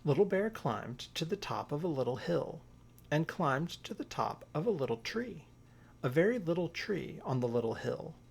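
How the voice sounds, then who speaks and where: A father reading a children's storybook aloud in a gentle, measured way. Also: on the high side, sing-song, creaky, slightly rough.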